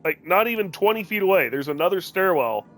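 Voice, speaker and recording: A young adult man streaming a game, telling a rambling, profane story in a casual, animated way. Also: sits high, brisk. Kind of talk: casual storytelling while gaming. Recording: game music under voice. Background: game music.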